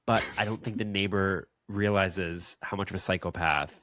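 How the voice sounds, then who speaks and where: A man co-hosting a podcast, chatting about a horror film in an animated, joking way. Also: low-pitched, no room sound. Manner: animated, playful, quick jokes. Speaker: podcast co-host. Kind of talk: casual movie chat.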